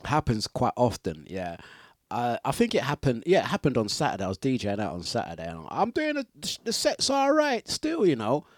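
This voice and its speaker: A man's voice: medium pitch, wildly swooping pitch, fairly quick, dry recording. A man hosting a breakfast radio show in casual, teasing, playful chat. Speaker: radio DJ and host.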